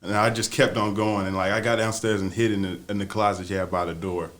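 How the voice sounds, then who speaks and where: A man's voice: lowish voice, flat delivery, fast, a bit bright. A young man on a podcast casually telling a profane, playful story, laughing as he goes.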